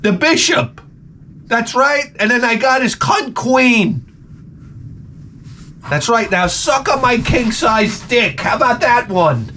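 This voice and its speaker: A man's voice: extremely high pitch, animated, slow, long pauses, pushed and bright, slight background noise, voice pushed up, exaggerated voice. A man voicing his imagined grown son as a brash, crude chess champion bragging after a win. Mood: gloating. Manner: cocky, vulgar bragging.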